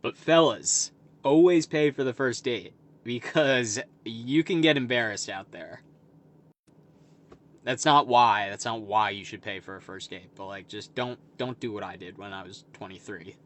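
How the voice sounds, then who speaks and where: A man's voice: lowish voice, unhurried, a bit bright. Rambling man in his late twenties. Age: late 20s. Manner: rambling, heavy on "like" fillers; self-deprecating, confessional. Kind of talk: casual storytelling to camera.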